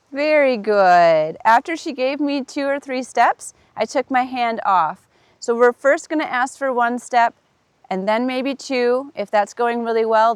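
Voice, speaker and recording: A woman with a fairly high voice gives calm, step-by-step horse training instruction. Her explanations are patient and clear. The sound is dry and close, with little room around it. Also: no echo. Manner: calm and explanatory, with warm bursts of praise.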